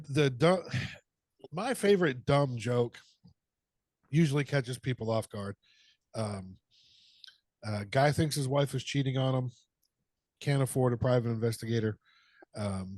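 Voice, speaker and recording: A man's voice: mid-range voice, a little mellow, no room sound. Profane man telling a long joke. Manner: profane, drawn-out storyteller. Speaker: podcast co-host. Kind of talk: casual chat, telling a joke.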